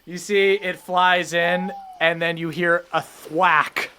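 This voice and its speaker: A game master calmly describing scenes in a tabletop role-playing game. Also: medium pitch, slow pace, slight background noise.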